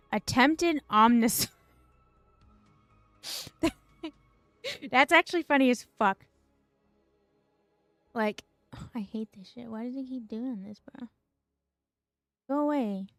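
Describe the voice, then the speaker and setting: A woman's voice: on the high side, a bit bright, no room sound. Exasperated sarcastic woman streamer ranting. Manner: exasperated, sarcastic, swearing, full of fillers. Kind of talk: casual ranting stream commentary.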